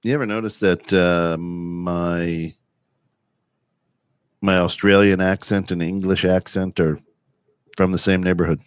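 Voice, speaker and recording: A man's voice: sits low, steady tone, unhurried, pauses often, clean tone, dry recording. A man co-hosting a casual food chat show, joking and chuckling with his partner. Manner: jokey, chuckling banter. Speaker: co-host.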